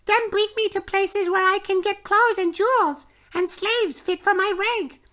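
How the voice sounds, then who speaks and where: A man's voice: extremely high pitch, unhurried, bright, forceful tone, voice pushed up, full character voice. A man voicing a cruel, imperious witch queen in a storybook read-aloud, speaking scornfully and with command.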